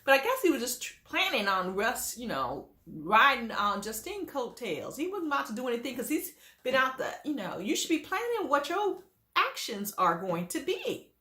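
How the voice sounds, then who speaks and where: A woman hosting a reality TV gossip commentary show, talking in a sassy, animated way and leaning hard on her emphasis. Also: sits high, moderate pace, echoey room.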